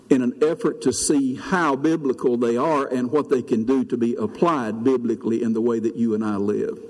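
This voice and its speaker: An older man, preaching a sermon as pastor, telling a story in an earnest way. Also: a little mellow. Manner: storytelling, earnest, rises high when preaching. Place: church sanctuary. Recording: long reverb of a church hall.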